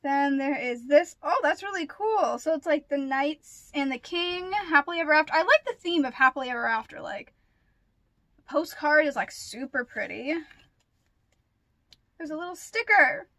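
A young woman vlogger chatting casually through an unboxing, gushing and excitable with lots of gasps and fillers. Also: high voice, normal speed, no room sound.

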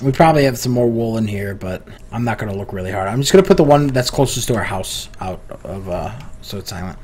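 A man's voice: fairly low pitch, animated, fast, a crowd in the background. A young man hosting a casual gaming session, often sighing and exasperated with his teasing partner. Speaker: channel host and gamer.

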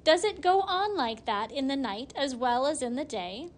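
A woman voicing a curious wild boy in a goat skin, full of slow wonder. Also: high voice, lively intonation.

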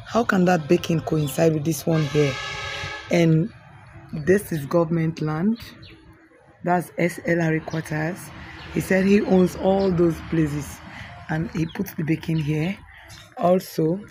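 A woman from Sierra Leone with a Krio accent, vlogging outdoors in a family compound on a handheld phone. She teases with quick questions and also explains things. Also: low voice, fairly even intonation, warm tone, slight background noise. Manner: teasing, rapid questioning, then explaining. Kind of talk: casual vlog talk, teasing and touring.

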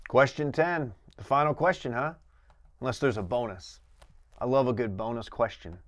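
A man's voice: mid-range voice, normal speed, dry recording, clean studio sound. A man competing in a comedic quiz, rambling through guesses with sarcastic asides. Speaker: quiz contestant. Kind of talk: casual comedic quiz banter.

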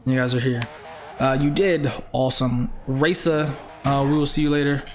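A man's voice: medium pitch, steady tone, normal speed, faint music behind. Chatty young man streaming a racing game. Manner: talkative, greets chat viewers by name; firm, repeats himself. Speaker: live-stream gamer. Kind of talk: casual live-stream chat.

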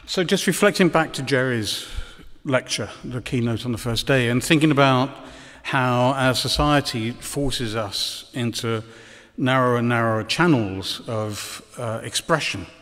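A man lectures at a conference in a middle register, often pausing on ums and dropping dry, ironic asides. His voice carries a long reverb from the hall. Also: medium pitch, fairly bright tone.

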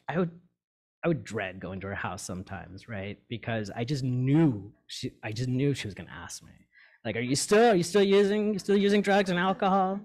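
A man in recovery sharing a personal story with his meditation group, candid and halting, full of fillers and restarts. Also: medium pitch. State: tearing up.

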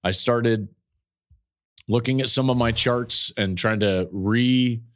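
A man hosting a podcast, telling the story of a game he called with animated emphasis and frequent restarts, speaking into a studio podcast mic. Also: medium pitch, slow pace. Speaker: podcast host and football analyst. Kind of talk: casual analysis.

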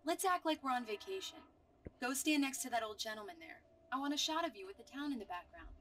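A woman's voice: a little high, lively intonation, fast talker, fairly bright tone, slight background noise. A woman voicing an affectionate young wife in a video game, teasing and upbeat.

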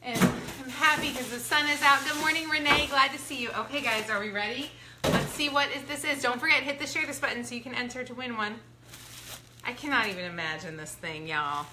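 A woman's voice: high-pitched, brisk. Bubbly woman hosting a live unboxing. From Ohio, US. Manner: bubbly, excitable, greets viewers by name. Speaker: product review livestream host. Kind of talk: live unboxing chat with viewers. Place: room in her home. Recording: echoey room with background noise.

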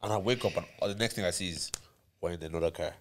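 A young man co-hosting a casual podcast chat, laid-back and quick to laugh. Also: low voice, a little hiss or hum. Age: young adult. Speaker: podcast co-host.

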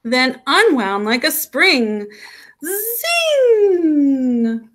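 A woman teacher reads a picture book aloud to children in a slow, unhurried style. Her high voice leaps up and down, and she gives the sound effects a playful punch. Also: lively intonation, sharp tone. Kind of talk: storybook read-aloud.

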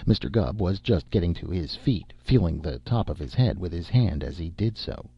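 A man narrating an audiobook in a steady, measured storytelling manner. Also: sits low, gravelly, husky, lo-fi sound.

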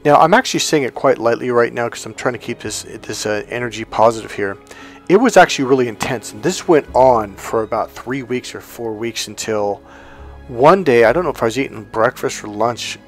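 A man's voice: mid-range voice, brisk, soft background music. A middle-aged man and life coach tells a personal story in a casual, profane way, acting out bits of dialogue. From California.

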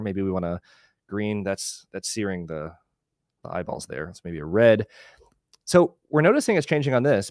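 Male instructor, lower voice, dry close sound, easygoing live tutorial delivery over a video call. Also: no room sound. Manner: relaxed, explanatory, thinks aloud while clicking through. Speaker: webinar instructor. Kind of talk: live screen-share tutorial.

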